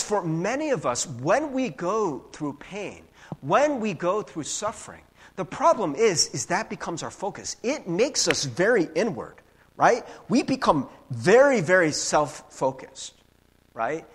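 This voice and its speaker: A male pastor preaching a casual, conversational sermon. He keeps tagging his points with "right?" and sometimes acts out quick little voices. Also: husky. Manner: casual, animated preaching with frequent "right?" tags; acts out voices with big pitch jumps.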